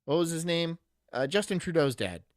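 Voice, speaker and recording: A man streaming live, rambling and joking as he reacts to a video and reads out chat. His voice sits a little high and swings widely in pitch. The sound is dry and close, with no room around it. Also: expressive, a little fast, no echo. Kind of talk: casual reaction commentary.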